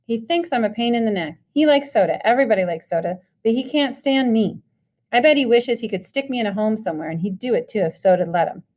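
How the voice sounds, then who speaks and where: A woman's voice: medium pitch, expressive, a little fast, close to an everyday voice. A woman voicing a hurt, bitter teenage boy in a storybook reading, blurting out his feelings.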